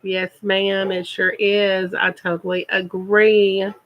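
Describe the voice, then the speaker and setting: A woman's voice: mid-range voice, flat delivery, slow pace, highs cut off. A woman, chatting casually on her first live stream and repeating words for emphasis.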